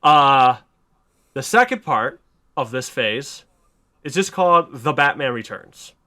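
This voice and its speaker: A man hosting a podcast, excitedly retelling a story pitch in casual, swearing chat. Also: takes it slowly. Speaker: podcast host.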